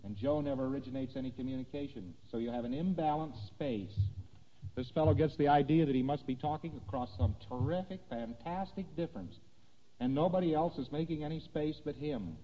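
A man giving a lecture, talking through diagrams in a conversational, animated way and checking that listeners follow. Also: on the high side, brisk. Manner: conversational, animated, asking "see that?". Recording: dull lo-fi recording in a reverberant hall.

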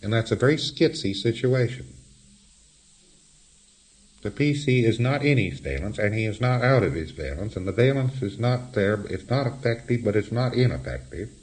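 Deep-voiced man giving a lively lecture. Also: normal speed. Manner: wry, explanatory, chuckles at his own examples. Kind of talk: recorded lecture.

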